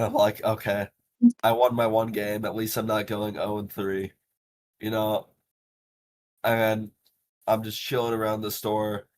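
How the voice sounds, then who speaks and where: Young guy podcasting, kinda low voice, swears a lot, loose and animated, faint rumble behind. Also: unhurried, pauses often. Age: young adult. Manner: animated, swears freely, lots of fillers. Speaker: podcast host. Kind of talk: casual podcast storytelling.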